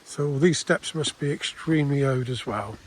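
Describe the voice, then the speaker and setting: A man's voice: mid-range voice, normal speed, a little hiss or hum. An older man chatting casually as he walks through the countryside filming, rambling with restarts. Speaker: vlogger. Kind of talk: casual walking commentary. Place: outdoors in countryside.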